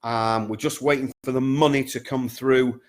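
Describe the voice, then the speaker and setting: Emphatic business coach. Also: male voice, mid-range voice, steady tone, moderate pace. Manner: repetitive, emphatic, keeps checking in with "okay?" and "guys". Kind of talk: direct-to-camera coaching talk.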